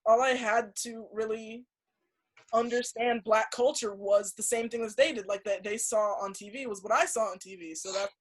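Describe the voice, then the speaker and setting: Young woman telling a story in halting bursts. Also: fairly high pitch, fairly even intonation, rough recording. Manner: halting, many restarts and "like" fillers; earnest storytelling. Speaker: podcast guest. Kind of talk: casual conversation.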